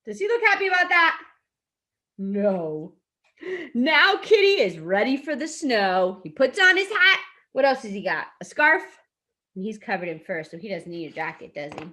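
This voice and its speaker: A woman's voice: medium pitch, sing-song, a little slow, bright, forceful tone. A woman teaching an online preschool class, reading a storybook aloud and gasping and asking the children questions. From lives in a hot desert city in the US west.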